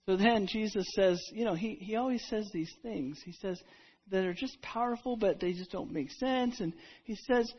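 A woman retelling a Bible story in the first person as a disciple, halting and repeating herself, dropping to a hush and then rising loud. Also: medium pitch, husky. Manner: halting, with repeated words and restarts; dramatic swings between hushed and loud. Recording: dull lo-fi recording.

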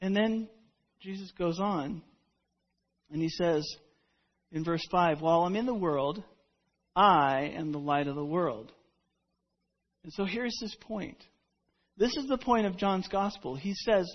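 A man's voice: high voice, a little slow, long pauses, dull audio. A man preaching a sermon, telling stories in a conversational way with frequent restarts. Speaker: pastor.

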